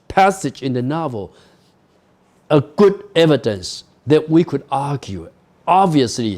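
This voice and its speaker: Male professor, slow deliberate delivery, animated rising pitch, emphatic rhetorical questions. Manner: reads quoted passages aloud, then explains them with many rhetorical questions; slow and emphatic, with fillers and repeated words. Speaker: literature professor. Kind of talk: university lecture.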